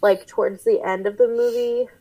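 A woman's voice: mid-range voice, fairly even intonation, normal speed, warm tone, far from the mic, rough recording. A woman co-hosting a podcast, chatting casually about a film with lots of "like"s and acted-out movie lines. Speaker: podcast co-host.

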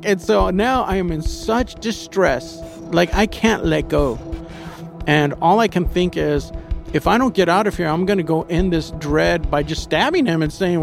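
Gravelly man telling a raw story. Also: high voice, normal speed, over music. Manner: candid and profane, acting out his own inner voice. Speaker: interview guest telling his story. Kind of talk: personal storytelling.

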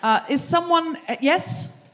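A woman's voice: extremely high pitch, a bit bright, slight background noise. A woman hosting a live comedy show on a theatre stage, bantering with the audience in a teasing, chatty way. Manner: teasing, chatty crowd work with quick asides. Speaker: host.

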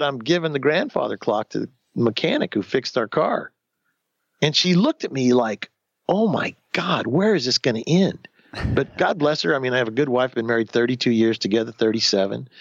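A man in his fifties tells his own story in a candid interview, animated and imitating the voices of people he quotes, often restarting his sentences. His medium-pitched voice has vocal fry, and the recording is muffled with no echo.

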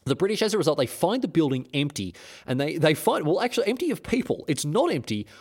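A man's voice: on the high side, very animated, fast talker, a little mellow. A man hosting a comedic history podcast, who tells the story in an irreverent, rambling way and often stumbles and restarts. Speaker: host.

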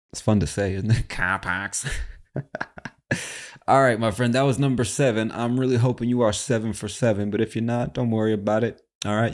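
A man hosting a casual English-learning podcast, chatty and animated, often calling the listener "my friend". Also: lowish voice. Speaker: podcast host and English teacher.

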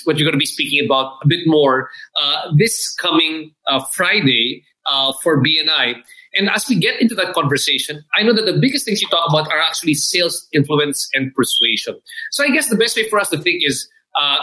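A man's voice: fairly high pitch, pushed and bright, rough recording. A man hosting a podcast, thanking his guest and asking questions in a polite, reflective way while searching for words. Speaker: podcast host. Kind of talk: interview questions.

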